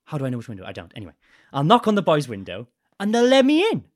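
A young man, a podcast guest, telling a rowdy story in a casual, animated way with swearing. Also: fairly high pitch, racing.

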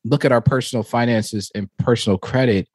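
Animated man in casual podcast chat. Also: mid-range voice, fairly quick, breathy edge, dry recording, clean studio sound. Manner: animated storyteller, frequent fillers, laughs while talking. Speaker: podcast co-host.

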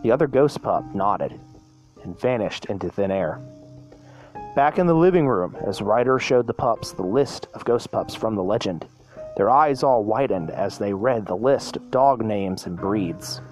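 A man's voice: on the low side, animated, unhurried, darkish tone, soft background music. A man narrating a children's story aloud, reading with frequent restarts and self-corrections. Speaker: storyteller, podcast host.

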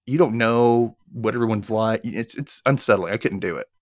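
A man hosting a podcast, casually recapping a TV episode with animated storytelling and casual swearing. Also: lowish voice, normal speed, dry recording, studio quality. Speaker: podcast host.

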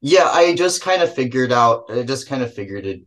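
A man's voice: medium pitch, animated, normal speed, fairly bright tone. A man with a New Jersey accent, a filmmaker guest answering interview questions in a loose, self-correcting way. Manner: rambling, self-correcting, laughs between thoughts.

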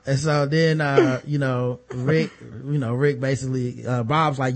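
A man's voice: a little high, slow, pauses often. A man on a podcast panel, casually telling comedic stories and laughing as he goes. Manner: animated, laughing storyteller.

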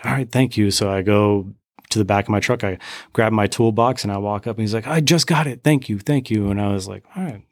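A man's voice: lowish voice, no room sound, studio quality. A man telling a long personal story in casual chat, acting out the quotes of the people in it. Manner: animated storyteller, acts out quotes. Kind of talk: casual faith podcast chat.

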